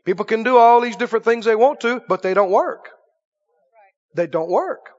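High-voiced preaching man in a reverberant church. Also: expressive, moderate pace, highs cut off. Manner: emphatic preaching with call-and-response questions. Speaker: pastor. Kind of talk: sermon. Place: church sanctuary.

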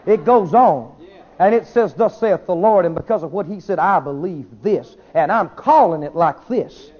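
High-pitched animated male preacher. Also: moderate pace. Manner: animated preaching, swinging from shouts to low asides. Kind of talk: sermon. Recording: dull lo-fi sermon recording.

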